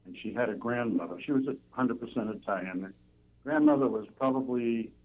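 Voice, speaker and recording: A man's voice: medium pitch, big pitch swings, fairly quick, gravelly. Older man phoning in, rambling anecdote with fillers, tinny phone line. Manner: rambling storyteller, many fillers. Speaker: caller.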